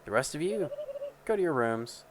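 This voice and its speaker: A man's voice: medium pitch, expressive, normal speed, background noise, lightly acted. Man voicing a smug robotic queen villain. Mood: scheming. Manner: smug, grand and scheming. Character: haughty robotic female computer queen villain. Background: game music.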